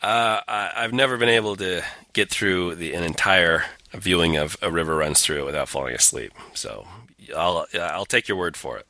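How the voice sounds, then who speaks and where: A man's voice: low voice, normal speed, bright, forceful tone, no echo. A man co-hosting a casual talk show, sardonic and profane, reading scripture aloud in mock-dramatic tones. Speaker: podcast co-host.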